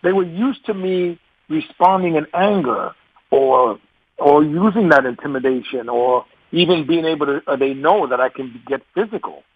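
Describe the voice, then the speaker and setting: A man in his forties, a guest telling stories in a casual interview, animated, laughing often, and repeating words as he starts sentences. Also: on the high side, moderate pace, slightly rough, no echo, phone-quality sound. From New York.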